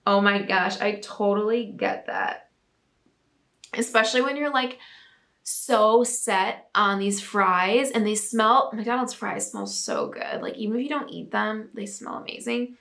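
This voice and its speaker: A woman's voice: medium pitch, expressive, unhurried, fairly bright tone. A young woman hosting a casual talk segment, bubbly and chatty with lots of filler words. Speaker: host reading viewer submissions. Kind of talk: casual chat and reading aloud.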